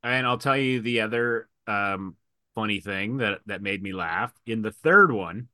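A man's voice: fairly low pitch, a little slow, dry recording, clean studio sound. A man chatting casually about movies, acting out scenes and quoting characters as he talks. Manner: animated storyteller, acts out lines from scenes.

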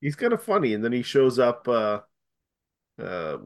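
A man talking casually about movies in a relaxed, hesitant way with frequent pauses. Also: medium pitch. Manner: easygoing, hesitant, many ums and restarts.

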